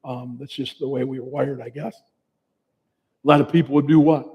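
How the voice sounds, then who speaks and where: A man's voice: medium pitch, steady tone, moderate pace, breathy edge, muffled recording. A man in his fifties, a bereaved father, telling his story in an earnest, conversational way as a personal testimony speech. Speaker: bereaved father giving a talk. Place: large presentation hall. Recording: long hall reverb.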